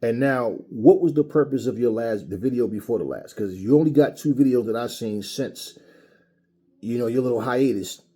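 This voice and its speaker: Angry, husky-voiced man ranting. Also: medium pitch, moderate pace, mellow. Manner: angry, profane, mocking. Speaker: boxing commentary channel host. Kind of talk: heated opinion rant.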